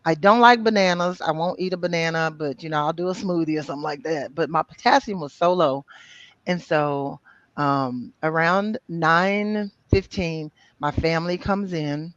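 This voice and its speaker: A woman's voice: low-pitched, moderate pace, no echo, dull audio. A middle-aged woman, a guest in an interview, telling a personal story with many fillers and bringing other people's words to life as she quotes them. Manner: animated retelling, acting out quoted voices, many fillers.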